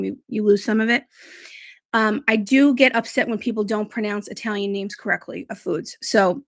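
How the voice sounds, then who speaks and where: A woman chats casually on a beauty livestream and reads out viewer comments as she goes. She rambles in a relaxed way. Her mid-range voice has a gravelly, fried edge. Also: medium pitch, dry recording, clean studio sound. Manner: chatty and rambling. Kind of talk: casual live-stream chat, reading viewer comments.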